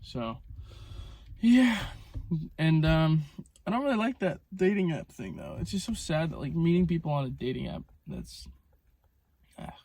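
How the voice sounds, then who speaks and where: A man's voice: fairly high pitch, very animated, measured pace, creaky, pauses often, darkish tone, no room sound. Young male vlogger, rambling car-selfie chatter, constant filler words, phone-mic sound. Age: young adult. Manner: rambling, filler-heavy, frequent "like" and "um". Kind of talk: casual rambling vlog storytelling.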